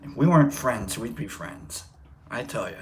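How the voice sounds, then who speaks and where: A man's voice: medium pitch, animated, moderate pace, noisy background. A man hosting a casual livestream, rambling and joking while greeting viewers by name. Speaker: livestream host.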